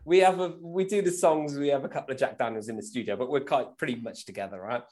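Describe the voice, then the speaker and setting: A man's voice: medium pitch, fast, darkish tone. A man, a guest musician, telling stories casually and animatedly, often tagging "right?" and laughing as he goes. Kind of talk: casual storytelling.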